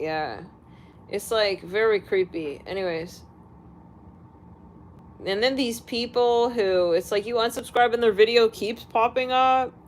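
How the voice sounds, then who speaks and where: A woman talking straight to her viewers in a loose, unscripted rant. She swears freely, laughs between remarks and speaks bluntly at an ordinary pitch. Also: slight background noise. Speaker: astrology channel host.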